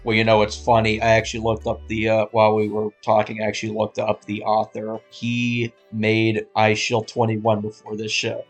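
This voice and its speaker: A man co-hosting a casual podcast, earnestly explaining points. His low voice is gravelly and stays flat. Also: moderate pace, hardly any pauses, faint music behind. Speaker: podcast co-host. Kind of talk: casual chat.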